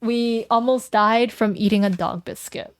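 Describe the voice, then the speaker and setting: A woman's voice: a little high, fairly even intonation, a little slow, clean tone, dry recording. A young woman streaming, reading a game aloud, playful and joking with chat on a close mic. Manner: playful and giggly, jokes with chat. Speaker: vtuber streamer.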